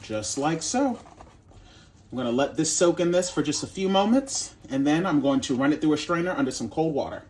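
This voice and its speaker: A man's voice: a little high, expressive, a little fast, darkish tone. A man hosting his cooking channel, walking through a recipe in a casual, sassy, playful way and calling viewers baby and honey.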